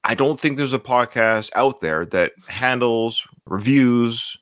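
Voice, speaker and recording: A man's voice: mid-range voice, slow, fairly bright tone, no echo. A man hosting a movie podcast, chatting casually and teasing, laughing often. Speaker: podcast host.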